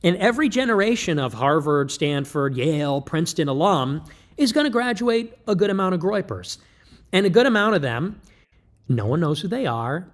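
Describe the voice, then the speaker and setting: A man holds forth in a livestream monologue, lecturing his listeners with emphatic, joking energy. His voice sits a little high for a man. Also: very animated, normal speed. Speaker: livestream commentator.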